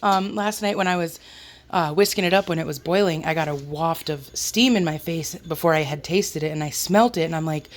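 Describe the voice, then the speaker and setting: A woman chatting casually in her home kitchen as a homestead vlogger, talking while she works and joking about herself. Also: fairly quick. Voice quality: squeaky. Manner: chatty, self-deprecating, talks while working.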